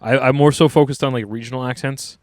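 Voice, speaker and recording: A man co-hosting a casual comedy morning show, easygoing and chatty, with steady agreeing murmurs. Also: mid-range voice, fast, dry recording. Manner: laid-back, lots of short agreeing murmurs. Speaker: comedian co-host. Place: outdoors.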